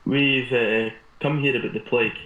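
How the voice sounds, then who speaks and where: A man's voice: mid-range voice, fairly even intonation, normal speed, pushed and bright, reverberant, dull audio. A man playing a tabletop game, speaking hesitantly with many fillers. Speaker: player. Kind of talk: in-character tabletop play.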